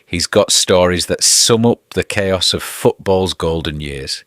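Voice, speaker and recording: A deep male voice reads a scripted countdown introduction with steady, announcer-like pacing. The recording is bone dry and close up, with no room around it. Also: dry recording. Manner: measured, announcer-like delivery. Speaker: narrator of the channel. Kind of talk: scripted narration.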